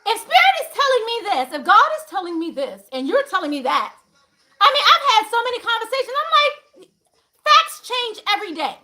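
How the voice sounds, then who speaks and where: A woman's voice: very high-pitched, very animated, fairly quick, sharp tone. A woman hosting a livestream talk to viewers, emphatic and profane, laughing often as she preaches. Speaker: spiritual channel host.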